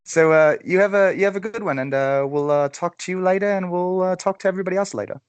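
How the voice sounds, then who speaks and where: A man's voice: high voice, fast, smooth, no room sound, lo-fi sound. A man hosting a podcast in casual chat, laughing often and tripping over repeated words. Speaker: podcast host.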